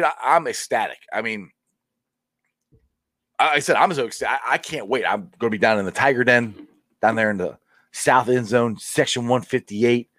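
Male sports stream host, animated delivery, dry close mic, rambling and excitable. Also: medium pitch, no room sound. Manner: excitable, rambling, laughs often. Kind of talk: casual live-stream chat.

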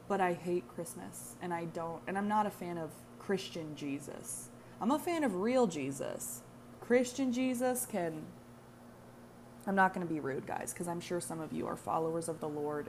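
A young adult American woman talks candidly on her own podcast in a casual solo monologue, rambling, profane and self-mocking. Her voice is fairly low and darkish in tone, with a little hiss or hum in the recording.

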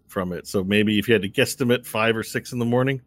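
A man narrating a tabletop fantasy game as game master in a relaxed, conversational way. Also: fast talker, no echo. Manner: relaxed, conversational, low-key.

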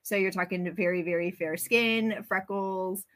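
A woman from the Bronx, a guest on a podcast, telling stories in an animated, casual way and laughing easily. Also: medium pitch, measured pace. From the Bronx, New York. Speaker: podcast guest, brand creator. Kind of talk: casual conversational interview.

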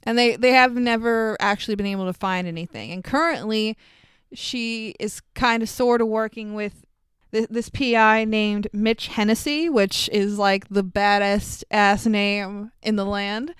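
A young woman co-hosting a podcast recaps a movie in casual chat, laughing often and swearing freely in an animated way. Her smooth, mid-range voice is unhurried, and the recording is dry.

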